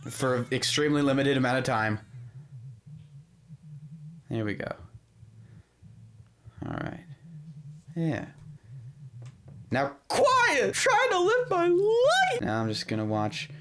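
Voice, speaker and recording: A man's voice: lowish voice, fairly even intonation, measured pace, long pauses, fairly bright tone, pitched below the performer's own voice. A man doing a frazzled, boozy single mother. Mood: sarcastic. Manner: melodramatic, sarcastic, swings from mutters to shrieks. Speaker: gaming video host. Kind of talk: comedic let's-play role-play.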